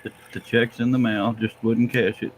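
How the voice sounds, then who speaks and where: A man's voice: mid-range voice, level tone, moderate pace, a little hiss or hum. A man co-hosting a live stream, reading out chat comments and breaking into laughter. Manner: giggly, loses it laughing.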